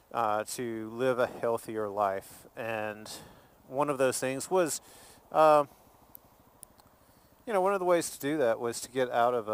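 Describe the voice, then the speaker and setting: A man's voice: mid-range voice, clean tone. A man, from Alabama, rambling and joking in a casual vlog while driving his car. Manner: chatty, rambling, jokey, laughs easily. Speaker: vlogger.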